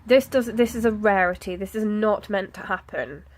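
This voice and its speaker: A woman, chatting casually about her planner, with soft, self-deprecating asides and frequent fillers. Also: mid-range voice, normal speed. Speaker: planner vlogger. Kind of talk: casual chat.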